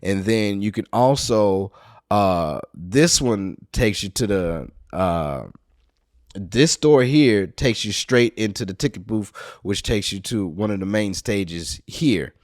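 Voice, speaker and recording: A man hosting a podcast, telling a story in a loose, profane way that gets animated and loud when he is worked up. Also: fairly low pitch, slow, no room sound, clean studio sound. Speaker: podcast host.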